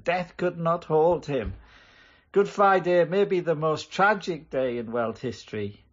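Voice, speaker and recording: A man's voice: medium pitch, muffled recording. A man leading a church service and preaching in an earnest, emphatic way. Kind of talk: sermon.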